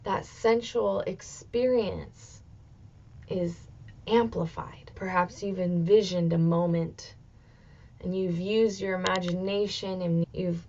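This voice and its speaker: A woman in her thirties hosting a motivational solo podcast, talking expressively and swearing freely, with bursts of excitement. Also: fairly low pitch, slow, lo-fi sound. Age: 30s. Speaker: podcast host.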